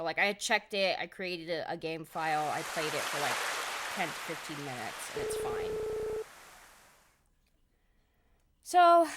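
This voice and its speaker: A woman's voice: low voice, a bit bright, slight background noise. A woman game streamer chatting casually on a live stream, rambling and swearing as she vents her exasperation. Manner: profane, rambling, exasperated venting.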